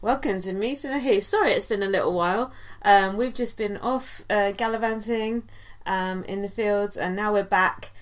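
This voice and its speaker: A woman's voice: medium pitch, moderate pace. A woman, co-hosting a podcast, chatting casually and gossiping, often giggling and quoting people in silly voices. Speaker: podcast co-host. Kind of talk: casual chat.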